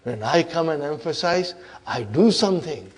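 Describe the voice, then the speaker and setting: A man's voice: on the high side, animated, normal speed, breathy edge. A man teaching a class voices a boastful, bossy grammar particle who scolds a rival and brags about the change it makes. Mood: boastful, scornful. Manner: scolding, showing off.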